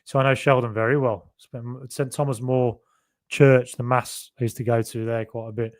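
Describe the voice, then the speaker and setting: This is a man of medium pitch, talking at a moderate pace in a level tone. He's a young Solihull native with a softened Birmingham accent, hosting a casual podcast and reading viewer comments in a rambling, chatty way that's full of self-corrections.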